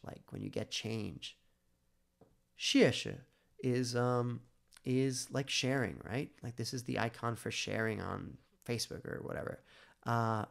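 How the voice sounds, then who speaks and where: A man walking through his own language study method in a relaxed screen-share tutorial, thinking aloud with fillers and restarts. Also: mid-range voice, gravelly.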